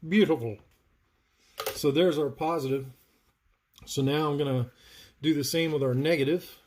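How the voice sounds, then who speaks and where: Slight background noise sits under this man's a-little-high, somewhat mellow voice, which runs at normal speed. He's a saber builder from North Carolina, US, hosting a live soldering tutorial, chatting as he narrates his work and answers viewer questions.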